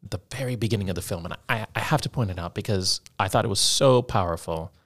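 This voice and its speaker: Earnest man podcaster, lowish voice. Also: fast talker. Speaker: podcast co-host. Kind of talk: casual chat.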